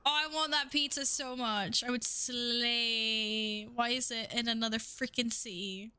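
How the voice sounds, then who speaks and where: Woman, young adult, streamer, casual chat, bright tone, slightly high voice, playful, swears. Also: moderate pace. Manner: playful, swears freely, laughs often.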